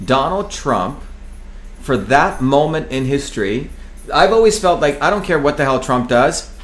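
A man's voice: mid-range voice, animated, unhurried. A man from New Jersey speaking in a heated, emphatic political talk, swearing freely and hammering on repeated phrases.

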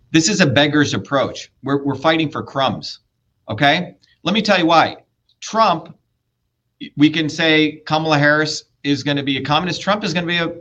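A man's voice: a little high, sharp tone, muffled recording. A man running for office, arguing bluntly and lecturing with profanity in a heated political debate. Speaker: political candidate.

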